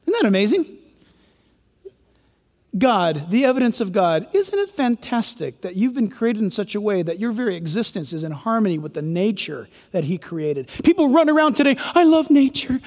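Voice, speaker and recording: A man's voice: high voice, sing-song, moderate pace, darkish tone, big-room sound. A male pastor preaching a sermon, emphatic and full of rhetorical questions.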